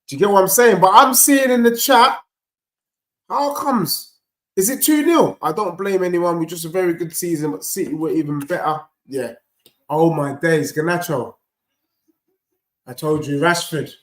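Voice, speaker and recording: Brief: high-pitched lad, live watchalong host, rowdy banter, roomy echo. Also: male voice, moderate pace. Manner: animated banter, shouting at goals, teasing chat. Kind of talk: live football watchalong reacting to chat.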